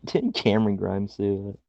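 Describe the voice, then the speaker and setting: A man co-hosting a casual podcast chat, laughing often and swearing in animated bursts. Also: on the low side, measured pace, creaky, no room sound, muffled recording. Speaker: podcast co-host.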